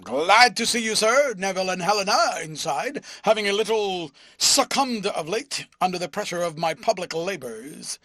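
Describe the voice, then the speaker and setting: A man voicing a loud, overbearing, pompous male philanthropist in an audiobook reading. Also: animated, normal speed, few pauses, no echo, studio quality, exaggerated voice. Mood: pompous booming. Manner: booming, ferocious, self-important.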